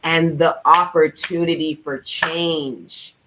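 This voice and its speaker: A man's voice: fairly high pitch, steady tone, slow pace, noisy background. A man giving a tarot reading in a vlog, speaking in an emphatic, profane, motivational way and repeating his encouragement with fervour. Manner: repetitive, fervent encouragement. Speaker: tarot reader.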